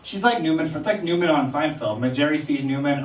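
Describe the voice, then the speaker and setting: A young man performing a stand-up comedy set on a small theater stage, telling animated stories and firing off incredulous questions. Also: fairly high pitch, fast, hardly any pauses, slight background noise. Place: small theater stage before a live audience. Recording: distant roomy mic with crowd laughter.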